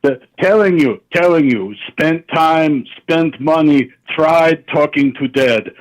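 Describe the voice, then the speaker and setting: Man putting on a fake Russian accent, slightly high voice, slow broken phrases. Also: low-quality recording. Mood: deadpan. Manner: broken clipped English, repeats himself. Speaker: caller.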